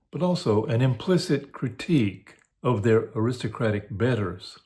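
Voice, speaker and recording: A man giving a recorded lecture as a course instructor, in a measured, academic way. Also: on the low side, a little mellow.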